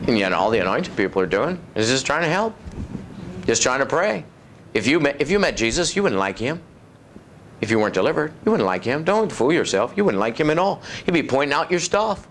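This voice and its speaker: A man preaching a sermon in a folksy, conversational way, acting out other people's voices and dropping low and soft for effect. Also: big pitch swings, a little fast, slight background noise. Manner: acts out voices of demons and doubters, drops low and soft for effect.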